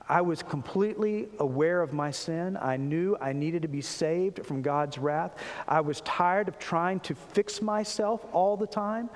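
A man preaching a sermon and reading scripture, putting rhetorical questions to the listeners and telling his own testimony with earnest conviction. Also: a little high. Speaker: pastor. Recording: long reverb of a large hall.

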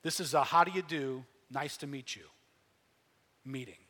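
A man preaching a sermon, animated, swinging from quiet asides to loud emphatic bursts. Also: medium pitch, moderate pace, in a large hall. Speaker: pastor.

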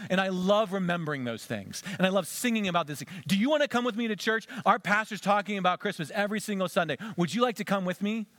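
A male pastor giving an animated sermon, acting out conversations with a volunteer on stage. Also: high-pitched, dry recording.

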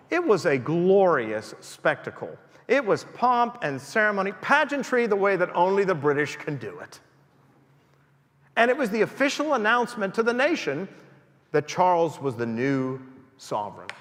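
A man's voice: on the high side, fairly bright tone, big-room sound. A man preaching a sermon in a church, emphatic and rising and falling for emphasis.

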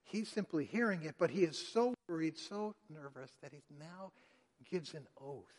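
Male pastor, fairly high-pitched, dramatic sermon delivery in an echoing hall. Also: expressive, normal speed. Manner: dramatic, acting out quotes with sharp swings in loudness. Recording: long hall reverb.

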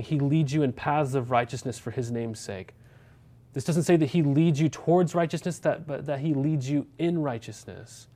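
A man's voice: fairly high pitch, mellow. A man, a pastor preaching a sermon in a conversational way, asking many rhetorical questions and checking in with the congregation.

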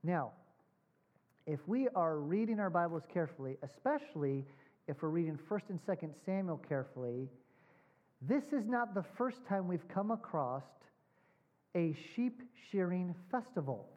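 A man preaching a sermon. He asks his congregation questions, repeats points with emphasis and slows down on key words. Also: high voice, very animated, a little mellow. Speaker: pastor. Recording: dull lo-fi sound.

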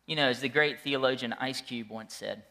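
A middle-aged male pastor preaching a sermon, animated and joking as he tells stories to his congregation. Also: medium pitch, moderate pace. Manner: animated, jokey storytelling with the congregation.

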